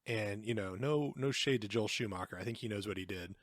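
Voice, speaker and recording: A man co-hosting a podcast, talking about films in a relaxed casual way with dry humor. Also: fairly low pitch, fairly quick, dry recording. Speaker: podcast co-host. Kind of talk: casual chat.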